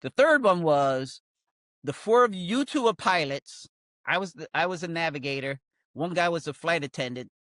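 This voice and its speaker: An older man, a comedian, tells an animated, wry story about his own past. His voice sits a little high for a man, and he slips into quoted voices as he goes. The sound is close and dry, with no room echo. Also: moderate pace. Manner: animated, acts out quoted voices, many fillers like blah blah; wry, self-mocking humor. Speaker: comedian guest. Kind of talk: storytelling anecdote in casual chat.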